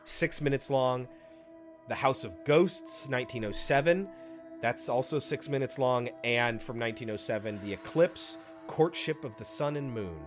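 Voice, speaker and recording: A man co-hosting a podcast, chatting casually about a film in an animated, profane way with quick asides. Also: medium pitch, music in the background. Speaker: podcast co-host.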